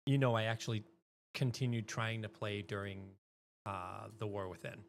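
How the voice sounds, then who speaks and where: A middle-aged woman chats away on her live stream, and her pitch leaps and dips all over the place. She is excitable and breaks into loud exclamations, with a faint hiss behind her voice. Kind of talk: casual live-stream chat.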